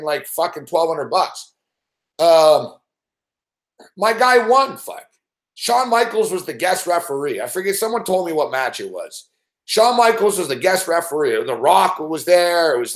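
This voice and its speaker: This fairly high-pitched man hosts a sports betting show, ranting profanely and animatedly on a live stream. He swears constantly and acts out scenes, and the room around him is echoey.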